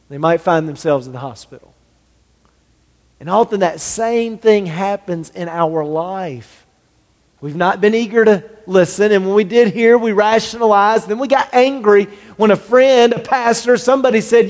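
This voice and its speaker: A man's voice: high-pitched, normal speed, long reverb tail. A man preaching a sermon as a pastor, earnest, acting out the lines of people he describes. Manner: earnest, acts out dialogue in quoted voices.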